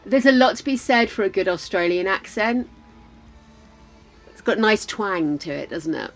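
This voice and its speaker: Playing a game on stream, an older woman with a British accent chats easily with her viewers, often laughing and murmuring to herself. She has a mid-range, animated voice and a moderate pace, with soft game music audible behind her.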